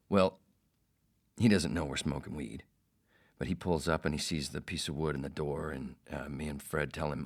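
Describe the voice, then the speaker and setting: A man's voice: extremely low pitch, fairly even intonation, moderate pace, gravelly. A man hosting a podcast, telling a rambling, profane story in a casual way. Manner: rambling, profane, self-interrupting. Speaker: podcast host.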